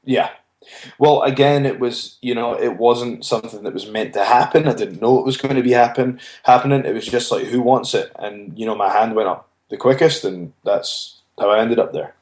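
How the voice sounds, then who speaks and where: A man's voice: mid-range voice, moderate pace, a little mellow. A man, a wrestler being interviewed, telling his story earnestly and often restarting his phrases. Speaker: wrestler guest. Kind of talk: casual interview chat. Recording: roomy echo.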